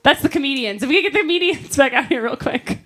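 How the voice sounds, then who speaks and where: A woman's voice: sits high, animated, quick pace, a bit bright. A woman hosting a live comedy show, thanking the audience and calling the comedians back on stage. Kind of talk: closing announcements.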